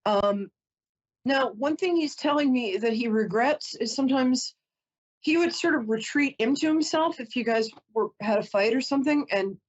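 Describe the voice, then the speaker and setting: A woman's voice: fairly high pitch, lo-fi sound. A woman psychic host doing a reading for a caller, chatty, emotional and apologetic, often close to tears.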